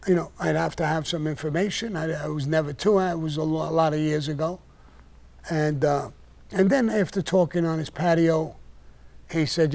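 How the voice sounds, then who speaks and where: An older man with a slightly higher voice tells stories on a live stream in a blunt, profane way. He rants hard when worked up. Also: normal speed, vocal fry, darkish tone. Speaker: podcast host telling stories. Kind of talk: casual storytelling on a live stream.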